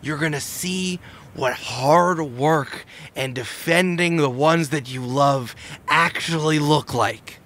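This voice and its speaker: A man's voice: on the high side, slow pace, a bit bright. A man voicing a spiteful, proud, bookish villain who taunts and boasts bitterly. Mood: bitter, boastful.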